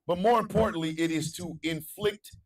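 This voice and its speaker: High animated guy hosting a morning show, chanting and ranting, a bit far off the mic. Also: moderate pace, a little hiss or hum. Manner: animated, chanting and shouting hype calls; ranting, swings between loud and low. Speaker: radio show host. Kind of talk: morning talk show monologue.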